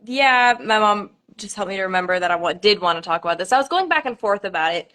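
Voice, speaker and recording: A woman's voice: medium pitch, expressive, fast talker, a bit bright. A young woman, a pageant contestant, chatting on a live stream with nervous laughter and many fillers.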